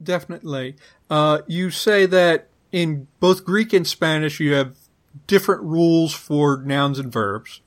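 A man co-hosting a podcast, who talks slowly and a little high. He often stops to search for the right word, filling the gaps and starting his sentences over as he chats. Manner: hesitant, many fillers and restarts. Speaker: podcast co-host. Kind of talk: casual linguistics discussion.

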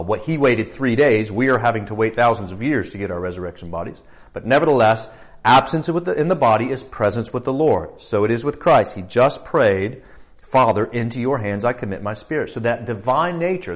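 A man preaching as pastor, explaining scripture in a conversational way, with fillers and rhetorical questions. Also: mid-range voice. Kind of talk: sermon teaching.

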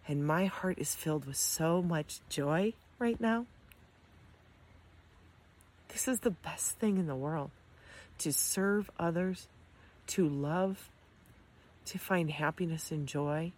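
A woman's voice: low voice, slow pace, pauses often. A middle-aged woman, an amputee, giving a heartfelt motivational talk, earnest and encouraging, with frequent ums and restarts. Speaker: amputee sharing her experience.

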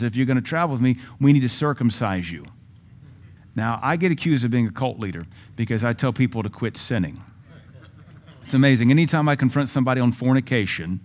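A male pastor with a Southern American accent preaches a sermon in a medium-pitched, slightly mellow voice. He is blunt and sarcastic and acts out quotes.

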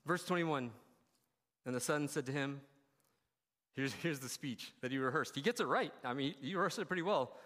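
A man's voice: mid-range voice, a little fast. Preaching man in a reverberant hall. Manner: conversational preaching, acts out quoted reactions, swings loud and soft. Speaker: pastor. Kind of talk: sermon.

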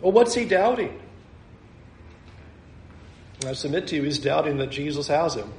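A man preaching a sermon, animated, acting out the scene with small laughs. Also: fairly high pitch, normal speed, roomy sound, slight background noise. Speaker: pastor.

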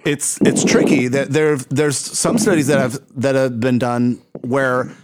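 A man's voice: medium pitch, steady tone, unhurried, noisy background. A man hosting a casual interview chat, chatty and laughing often, with plenty of fillers. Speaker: host.

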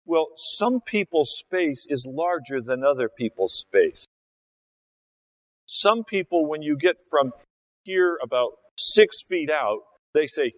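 This pastor's voice sits a little high and has a sing-song, unhurried quality, though the audio is poor. He preaches in a conversational style, using his body and voice to act out scenes along the way.

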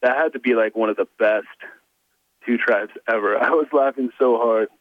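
A man calling in to a casual chat show, talking in a halting way with many fillers and restarts, over a dull lo-fi line. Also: mid-range voice. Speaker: caller.

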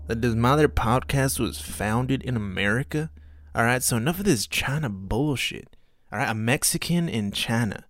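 Man putting on a loud redneck ranter. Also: medium pitch, big pitch swings, very slow, pauses often, no echo, studio quality, exaggerated voice. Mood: mock ranting. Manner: loud, brash, mocking rant. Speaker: podcast host.

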